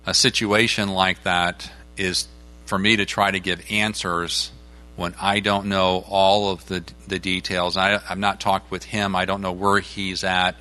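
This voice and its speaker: A man's voice: deep voice, flat delivery, unhurried, pushed and bright, clear, resonant tone. A man answering callers' questions on a call-in show, explaining things in a plain, teacherly way.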